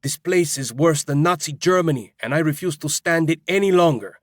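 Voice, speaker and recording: A man's voice: a little high, expressive, normal speed, no echo, studio quality, pitched above the performer's own voice, natural voice. Man voicing desperate, hostile young stranger, odd accent, barks threats; audiobook. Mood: angry. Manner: angry, threatening, curt.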